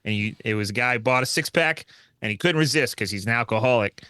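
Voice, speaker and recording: A man's voice: medium pitch, fast, pushed and bright, clean tone, no room sound. A man playing a tabletop game, rambling through jokes with crude swearing. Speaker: player. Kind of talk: improv game banter.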